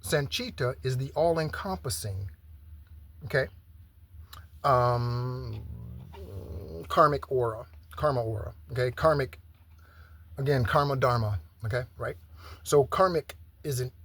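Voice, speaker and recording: A man's voice: mid-range voice, unhurried, long pauses, a bit bright. A man giving a spiritual tarot reading in a chatty way, often checking in with "okay?". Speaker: tarot reader. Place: home in Southern Arizona.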